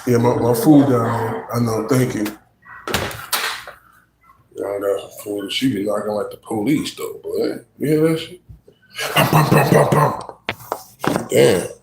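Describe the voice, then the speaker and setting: A man rapper telling a story on a casual livestream, animated and slangy, often turning to the listener. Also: mid-range voice, measured pace, gravelly, long pauses, background noise. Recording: echoey room.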